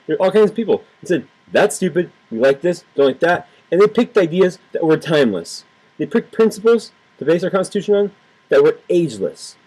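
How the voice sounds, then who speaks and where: Husky-voiced man ranting heatedly. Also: on the high side, darkish tone, low-quality recording. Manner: heated, repetitive, sarcastic, swears freely. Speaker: political vlogger. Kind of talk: ranting political commentary to camera.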